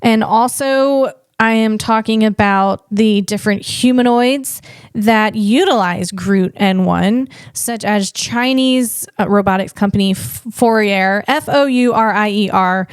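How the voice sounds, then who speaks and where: A woman's voice: mid-range voice, measured pace, clear, resonant tone, no room sound, clean studio sound. A woman hosting a solo podcast in a casual, rambling way, often correcting herself and laughing at herself. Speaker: podcast host.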